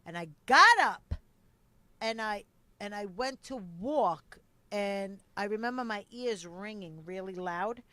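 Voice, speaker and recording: Bright-voiced woman telling a story. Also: medium pitch, slow pace, no echo. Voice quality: animated storyteller who acts out quotes and swears freely. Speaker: podcast co-host. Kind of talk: casual chat, storytelling.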